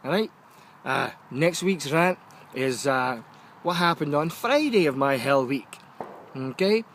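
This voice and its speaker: A man with a Scottish accent telling a funny story in a lively, chatty rant, often checking in with the listener. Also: a little high, slow pace, slight background noise. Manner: animated, keeps checking in with "right?".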